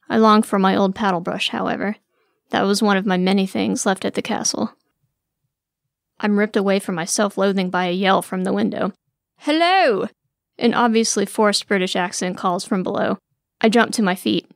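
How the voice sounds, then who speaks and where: A woman narrates a first-person story in a wry, weary, sardonic tone. Her mid-range voice has a gravelly fry, and the sound is close and dry with no room sound.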